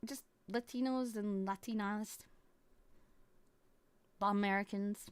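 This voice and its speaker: A woman's voice: medium pitch, fairly bright tone, dry recording. A Scottish woman chatting casually as she reacts to a video, playful and giggly, rambling between thoughts. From Scotland. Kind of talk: casual reaction stream chat.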